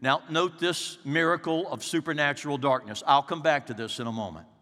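A man preaching a sermon, swinging dramatically between loud peaks and hushed, quiet lows. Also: fairly quick. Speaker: pastor. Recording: long hall reverb.

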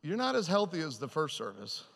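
Male preacher, comic storyteller, fairly high bright voice, hall echo. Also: gravelly, a little hiss or hum. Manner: animated, self-mocking, quick shifts into quoted voices. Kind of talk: humorous sermon storytelling. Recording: hall reverb.

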